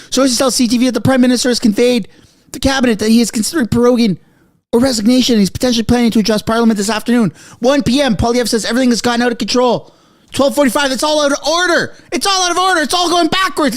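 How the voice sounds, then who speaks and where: A man reacting live to breaking news from his basement, excitable and out of breath, yelling one moment and muttering the next. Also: very high-pitched. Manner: excitable, shouting, swinging from frantic to muttering. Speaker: political commentary streamer. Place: home basement.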